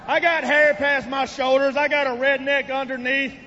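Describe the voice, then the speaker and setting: A man's voice: very high voice, flat delivery, moderate pace, bright, forceful tone, a little hiss or hum. A man with a Southern US accent, a wrestler cutting a brash, cocky promo. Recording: muffled arena broadcast with crowd.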